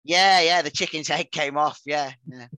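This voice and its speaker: A man hosts a relaxed football talk show with a bright, forceful voice. He chats and laughs easily, and his sentences often fade to a mumble. The sound is close and dry. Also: fairly high pitch, moderate pace, no room sound. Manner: chatty, laughing, trailing off quietly. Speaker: podcast host. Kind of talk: casual football chat.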